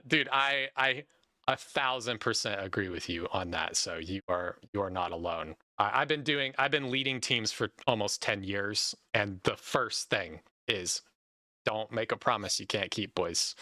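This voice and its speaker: A young man hosting a podcast, talking in long, animated run-on stretches in a casual chat. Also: on the low side, normal speed, no echo, studio quality. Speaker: podcast host.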